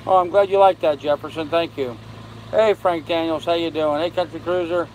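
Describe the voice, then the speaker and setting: Tired older guy chatting on a boat live stream, a bit high voice, faint fan hum behind. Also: fairly even intonation, darkish tone, poor audio. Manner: tired, slow, greets viewers by name. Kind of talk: casual live-stream chat reading comments. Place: on a sailboat with air conditioning and fan running. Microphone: phone.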